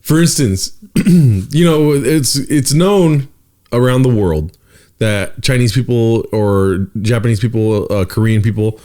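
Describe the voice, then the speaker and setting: A man's voice: medium pitch, takes it slowly, warm tone. Young man joking and teasing casually. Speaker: podcast co-host. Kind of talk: casual chat.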